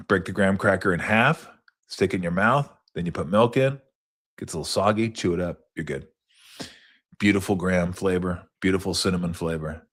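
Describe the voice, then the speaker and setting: A middle-aged man hosting a sports talk show, rambling casually and cursing, sometimes acting out people in high mocking voices. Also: brisk, a bit bright. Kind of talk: casual solo rambling recap.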